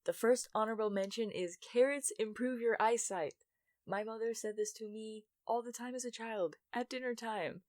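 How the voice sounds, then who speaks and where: A woman's voice: medium pitch, darkish tone, no room sound, clean studio sound. A young woman from the United States telling childhood stories in a rambling, self-mocking vlog, with lots of fillers. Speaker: YouTuber. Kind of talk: casual storytime monologue.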